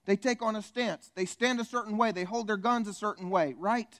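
A man's voice: high-pitched, brisk. A man preaching a sermon to a live church congregation, full of energy and jokes that he aims straight at the crowd. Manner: energetic, joking, calls out to the congregation. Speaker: pastor.

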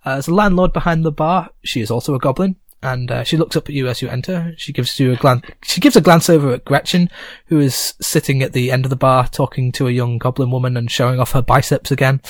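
A man's voice: mid-range voice, fast talker, few pauses, no room sound, studio quality. A man narrating a tabletop game as game master, hesitant and full of fillers. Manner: hesitant, many fillers, light laughs.

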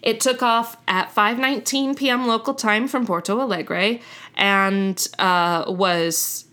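A woman's voice: mid-range voice, steady tone, takes it slowly, pushed and bright. A young woman hosts a casual storytelling chat, her mid-range voice chatty and loose. She corrects herself often and laughs at her own slips. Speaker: podcast host.

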